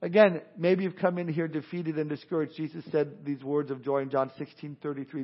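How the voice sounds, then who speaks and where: A man with a high, bright voice and a Texan accent preaches to his church, animated and given to acting out the people he quotes. He doubles back on his own words as he goes. The recording sounds dull and lo-fi. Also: brisk, hardly any pauses. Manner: animated, acts out quotes and little scenes, repeats himself. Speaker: pastor. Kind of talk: sermon. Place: church sanctuary.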